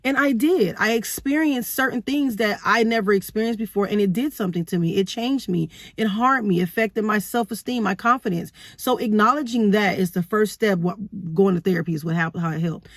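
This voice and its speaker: A woman's voice: mid-range voice, brisk, few pauses, no echo. Earnest woman vlogger in her thirties, candid story told straight to camera, dry close sound. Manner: earnest, rhetorical questions, frequent "right?". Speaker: vlogger sharing parenting experience.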